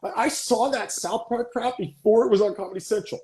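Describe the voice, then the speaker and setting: A man hosting a casual interview podcast, excitable and gushing, often restarting his questions mid-sentence. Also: sits high, brisk, reverberant. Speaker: podcast host.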